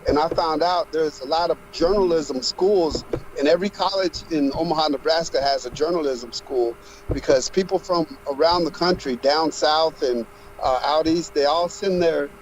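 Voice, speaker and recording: A man's voice: a little high, normal speed, a little hiss or hum, low-quality recording. A man co-hosting a livestream, telling rambling personal anecdotes in casual chat. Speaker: livestream co-host.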